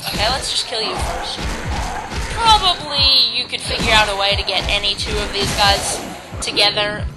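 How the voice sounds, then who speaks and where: A woman's voice: mid-range voice, moderate pace, poor audio. A woman giving rambling, self-deprecating let's play commentary while she plays a game. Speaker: gamer. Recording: game music underneath.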